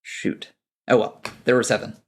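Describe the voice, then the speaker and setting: Young male game master, loose and chatty narration. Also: normal speed. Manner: rambling, with many fillers.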